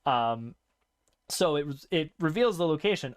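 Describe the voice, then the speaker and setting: A man's voice: fairly high pitch, animated, unhurried. A man hosting a podcast in casual chat, animatedly retelling a story and acting out its characters. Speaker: podcast host.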